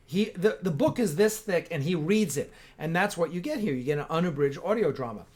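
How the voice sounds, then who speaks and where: A man's voice: a little high, animated, a little fast, darkish tone. A man hosting a casual livestream, talking enthusiastically in a rambling way with frequent restarts. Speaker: host of a fan-film livestream.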